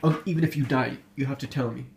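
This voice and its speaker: A man's voice: medium pitch, fast talker, gravelly, darkish tone, slight background noise, natural voice. A man voicing a farmer's wife who keeps insisting her husband tell her his secret. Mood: insistent. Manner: insistent, pushy.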